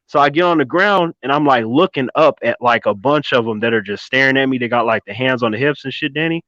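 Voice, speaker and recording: A man in his thirties telling a story in a casual chat, animated and swearing, on a dull, dry recording. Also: mid-range voice, a little fast, dry recording. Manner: animated, swearing, keeps addressing his co-host by name. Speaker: podcast co-host.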